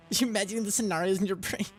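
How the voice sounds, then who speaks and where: A man streamer chatting casually while trying out silly voices, giggling and rambling, with frequent self-interruptions. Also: high-pitched.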